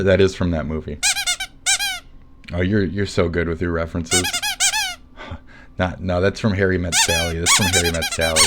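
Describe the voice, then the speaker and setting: Deep-voiced sardonic man streaming. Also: wildly swooping pitch, normal speed, long pauses. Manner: sardonic, mumbling to chat. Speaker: livestreamer. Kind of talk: rambling live stream chat. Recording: noisy background.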